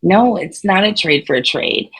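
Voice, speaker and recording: A woman's voice: lowish voice, lively intonation, moderate pace, a crowd in the background, poor audio. A woman playing a blunt, foul-mouthed adventurer. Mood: defiant. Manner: sharp-tongued, swears casually. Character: blunt short female adventurer, crude and defiant.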